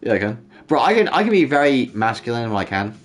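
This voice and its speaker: A man's voice: medium pitch, very animated, quick pace. A man hosting a casual livestream, bantering and joking with chat, with frequent restarts. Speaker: livestream host.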